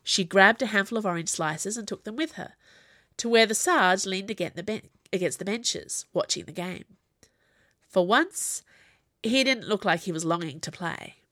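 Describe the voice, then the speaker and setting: A woman reads a novel aloud in scripted narration, measured and even. Her voice sits at a middle pitch. The recording is dry and close. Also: no echo. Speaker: audiobook narrator.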